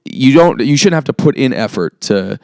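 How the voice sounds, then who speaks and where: A man co-hosting a casual podcast, rambling and earnest, sometimes wry. His voice is smooth and resonant. The sound is close and dry. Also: medium pitch, animated, moderate pace, darkish tone, no room sound. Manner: rambling and earnest when he opens up, wry otherwise. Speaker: podcast co-host.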